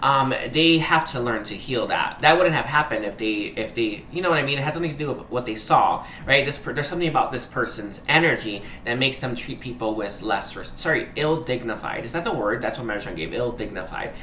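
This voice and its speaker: A man gives a heartfelt tarot reading in a bright, forward voice. He keeps stumbling, hunting for the right word and saying sorry. The sound is roomy and echoey, with a faint hiss underneath. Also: medium pitch, lively intonation, a little fast, few pauses. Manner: hesitant, searching for words, often apologizing; earnest, emotionally moved. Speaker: tarot reader. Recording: roomy echo, faint background noise.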